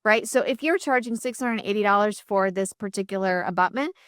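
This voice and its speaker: A woman's voice: mid-range voice, fairly quick, fairly bright tone, no echo, studio quality. Direct woman dentist giving advice. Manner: direct, advising, cuts in with pointed suggestions. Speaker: dentist and podcast co-host. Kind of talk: casual podcast chat.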